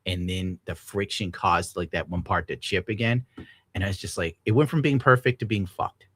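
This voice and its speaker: A young man from the United States, hosting a livestream and reading donations in a casual, profane, animated rant, laughing often. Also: deep voice, moderate pace, slightly rough, dry recording.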